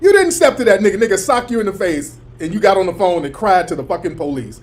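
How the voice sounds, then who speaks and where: Animated man mocking in commentary. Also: fast. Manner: animated, mocking, mimics others in a high crying voice.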